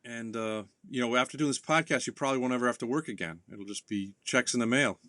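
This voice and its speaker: A man's voice: medium pitch, fast, bright, forceful tone, dry recording, studio quality. A man hosting a podcast interview, chatting casually with short, enthusiastic reactions. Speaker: podcast host.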